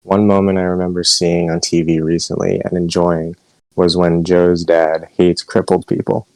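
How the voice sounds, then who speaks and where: A man chatting as a co-host, calmly recalling a scene in a steady, measured way. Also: deep voice, no room sound, poor audio. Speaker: show co-host. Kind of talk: casual recollection.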